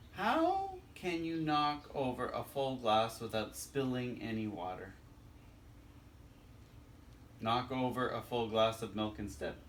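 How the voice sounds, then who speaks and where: A man's voice: lowish voice, recorded from a distance, slight background noise. A man reading a children's joke book aloud, chuckling at his own jokes.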